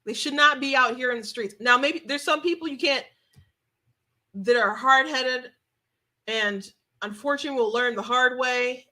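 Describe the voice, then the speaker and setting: A woman's voice: high-pitched, normal speed, bright, forceful tone. A woman hosting a commentary show, speaking emphatically and repeating points for stress, with frequent restarts. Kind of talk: opinionated news commentary.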